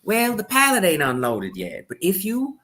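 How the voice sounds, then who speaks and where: A man's voice: high voice, huge pitch swings, moderate pace, fairly bright tone, voice pushed up, full character voice. A man voicing a friendly middle-aged woman store clerk with a Southern accent, drawling and kindly.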